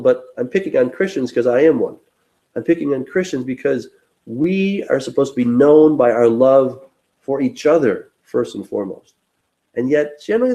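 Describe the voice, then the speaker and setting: Male Bible teacher, mellow tone, lively pitch swings, earnest, acts out quotes. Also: low-quality recording. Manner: animated, acts out inner dialogue in quoted voices; earnest, self-deprecating. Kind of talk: conversational Bible study teaching.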